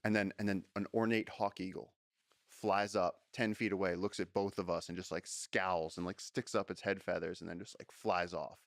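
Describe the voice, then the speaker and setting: A man with a low, gravelly voice tells animated stories as an interview guest. He slips into character voices to act out what people and animals seem to say. The recording is dry and close, with no room sound. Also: normal speed, no echo. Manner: animated storyteller who acts out voices in quotes. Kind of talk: storytelling in a casual interview.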